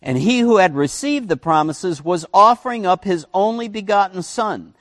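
A man preaching a sermon as pastor, with animated delivery, swinging his pitch and volume and acting out quotes. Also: normal speed, long reverb tail.

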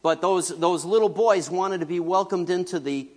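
Animated middle-aged pastor in a reverberant church. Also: male voice, sits high, normal speed. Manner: animated, joking, big swings between loud and hushed. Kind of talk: conversational sermon. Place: church sanctuary. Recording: long reverb of a large church hall.

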